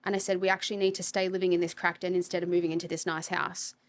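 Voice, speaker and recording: A woman's voice: fairly low pitch, flat delivery, rapid-fire, a little hiss or hum. A woman, a property coach, talking bluntly and with energy in a podcast interview, swearing casually. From Australia.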